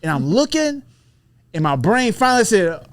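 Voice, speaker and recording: Animated, profane man telling a story. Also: sits high, moderate pace, dry recording. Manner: profane, animated, acts out the voices he quotes. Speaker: podcast guest, fighter. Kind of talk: casual storytelling.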